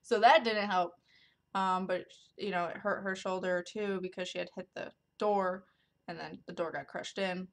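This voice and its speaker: A woman's voice: lowish voice, steady tone, moderate pace. A woman vlogger telling a story to camera in a casual, rambling way, with lots of ums and likes. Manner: rambling, filler-heavy, many ums and likes.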